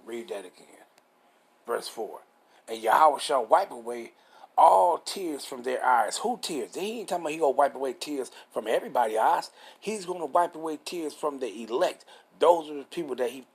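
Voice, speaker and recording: A scripture teacher with a medium-pitched voice reads verses slowly and preaches on them in a casual, rough-edged style. He pauses now and then to pose rhetorical questions.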